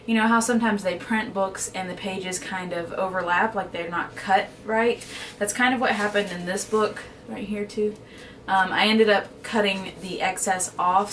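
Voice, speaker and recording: A woman's voice: medium pitch, fairly bright tone, recorded from a distance, a little hiss or hum. A woman vlogger chatting casually about books she bought, often unsure of titles and gushing about favorites. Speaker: book vlogger. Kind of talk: casual book haul chat.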